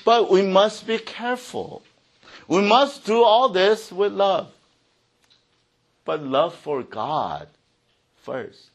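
A man preaching a sermon, reading scripture aloud and explaining it, rising for the readings and dropping low for his asides. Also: animated, takes it slowly, pauses often. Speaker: pastor.

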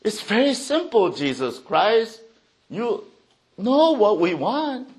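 Man putting on a puzzled crowd member, indignant, incredulous, high voice, lively swings. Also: exaggerated voice. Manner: incredulous, questioning, rushed at times.

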